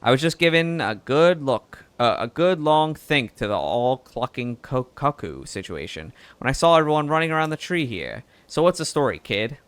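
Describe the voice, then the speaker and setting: A man's voice: mid-range voice, sing-song, normal speed, hardly any pauses, clean tone, close to an everyday voice. A man reading a chatty male bird reporter in a game, putting on a Southern American accent.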